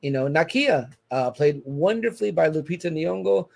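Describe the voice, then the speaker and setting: A man chatting casually as a podcast co-host, recapping a film scene with animated, profane retellings. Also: a little high, normal speed, creaky. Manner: animated, profane, acts out dialogue. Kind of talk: casual movie recap chat.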